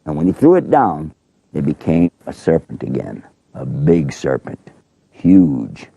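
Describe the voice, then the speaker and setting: A man telling a religious story to children in a folksy, animated way. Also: very deep voice, measured pace, vocal fry, slightly rough, no room sound, muffled recording.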